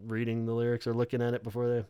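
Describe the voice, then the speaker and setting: Smooth-voiced man hosting a casual podcast. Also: mid-range voice, completely flat delivery, very fast, warm tone, no echo, clean studio sound. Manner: swearing, rambling storyteller, acts out quotes. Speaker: podcast host. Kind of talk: casual chat.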